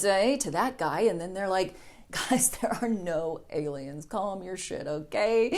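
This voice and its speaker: A woman hosting a comedic news show, reading a scripted monologue with sarcastic jokes. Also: fairly high pitch. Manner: sarcastic, with mocking voices for quotes.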